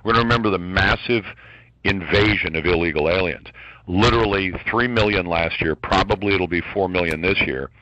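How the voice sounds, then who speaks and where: A man's voice: low voice, a little fast, bright, forceful tone, dry recording, muffled recording. A man speaking as a guest commentator on a radio talk show, ranting in a heated, emphatic way.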